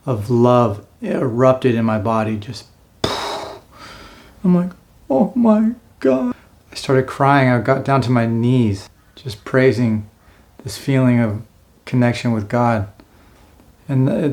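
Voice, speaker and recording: A man's voice: mid-range voice, steady tone, measured pace, a little mellow. A man in his forties telling his own life story in a casual, earnest way, now and then acting out what he said back then. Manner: earnest, acts out his own past lines.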